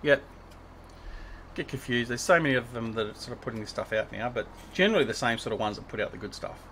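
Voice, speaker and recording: A man's voice: mid-range voice, expressive, quick pace, a bit bright, slight background noise. A man hosting a casual gaming livestream, chatting and teasing his guests while he plays. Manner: chatty, teasing, thinking aloud while playing. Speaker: livestream host.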